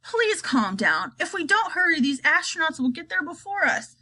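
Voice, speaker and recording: Woman voicing a worried little boy, pleading, high bright pitch, storybook. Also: very animated, normal speed, full character voice. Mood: anxious. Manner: pleading, urgent. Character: young boy, anxious and pleading.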